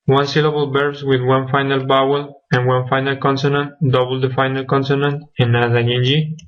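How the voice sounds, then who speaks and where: A man's voice: mid-range voice, little pitch movement, normal speed. A young man presenting a grammar lesson from slides as a student, listing examples one by one. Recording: dull lo-fi recording.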